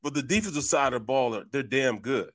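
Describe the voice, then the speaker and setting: Animated man telling football stories. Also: medium pitch, a little fast, dry recording, clean studio sound. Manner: animated storyteller, repeats phrases. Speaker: sports radio co-host. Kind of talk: casual sports talk.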